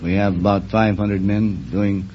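A man's voice: on the low side, flat delivery, measured pace. A man in his fifties from North Dakota, a plant guard, answering a quiz host hesitantly and politely. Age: 50s. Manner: hesitant, polite, many uh's. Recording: dull old broadcast recording with faint hiss.

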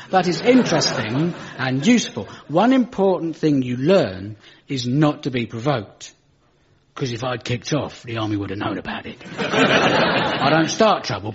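A man's voice: husky, highs cut off. A British man doing stand-up comedy on a radio show, dry and self-mocking, taking questions from a studio audience. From Britain. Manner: dry, self-mocking, rises to exasperated high pitch.

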